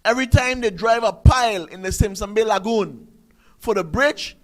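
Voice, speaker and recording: A talk show host delivers an emphatic commentary monologue. He speaks in a very high voice and hammers his points with repetition and rhetorical questions. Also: moderate pace, poor audio. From Sint Maarten.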